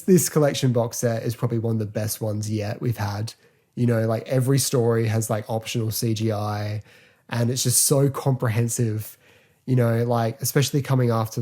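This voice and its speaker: A man hosting a casual solo podcast review, talking in a chatty, rambling way full of fillers and quick laughs. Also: medium pitch, mellow. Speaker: podcast host.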